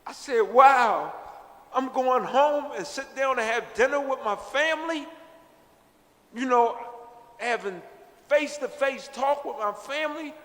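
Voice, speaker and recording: A man's voice: very high-pitched, a little slow, bright, forceful tone, big-room sound. A middle-aged man earnestly telling his own life story in an interview, reflective and often repeating himself. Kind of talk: personal storytelling.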